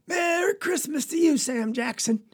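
A woman with a Southern US accent voicing a hearty farmer father who talks in a booming, cheerful way. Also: very animated, moderate pace, creaky, warm tone, breathy edge, heavily acted. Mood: hollering.

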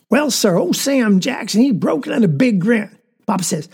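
A woman's voice: fairly high pitch, very animated, normal speed, vocal fry, darkish tone, slightly rough. A woman with a Southern accent performing a dramatic monologue as a child, telling a tale in a folksy drawl. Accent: Southern American. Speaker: storyteller.

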